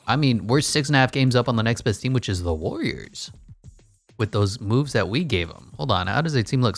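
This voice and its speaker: A man's voice: lowish voice, dry recording. A man giving casual, blunt commentary while playing a basketball management game, full of wry asides. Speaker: gaming YouTuber.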